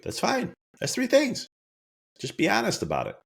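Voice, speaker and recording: A man giving an earnest, emphatic motivational talk on a podcast. He repeats his key lines and jumps much higher when he acts out his own thoughts. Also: huge pitch swings, moderate pace, vocal fry, a bit bright, slightly rough. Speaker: wellness speaker.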